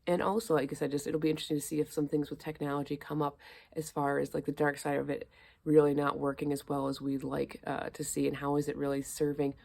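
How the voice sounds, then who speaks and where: A woman with a low, gravelly, mellow voice talks through astrology in a loose, chatty way. She fills her sentences with little fillers and keeps asking rhetorical questions. She is recording indoors. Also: little pitch movement, fast. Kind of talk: casual astrology talk. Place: indoors among plants.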